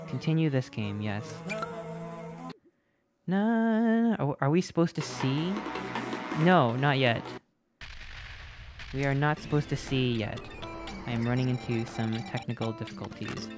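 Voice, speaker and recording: Chatty streamer, rambling and playful, mid-pitched, faint game music behind. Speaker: live streamer. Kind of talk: casual live-stream chat with viewers.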